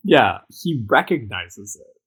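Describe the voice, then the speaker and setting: A man's voice: mid-range voice, big pitch swings, slow, fairly bright tone, slightly rough, low-quality recording. A man talking earnestly on a podcast, building his arguments with lots of fillers. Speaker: podcast co-host. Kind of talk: casual podcast discussion.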